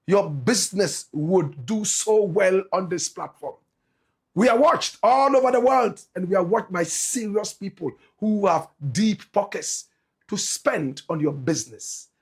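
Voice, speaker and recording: A Ghanaian man hosts his show in Ghanaian English with a flamboyant, preacher-like cadence, stacking phrase after phrase. His voice sits high for a man. It carries a husky, grainy edge. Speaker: show host. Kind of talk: energetic show intro and sponsor pitch.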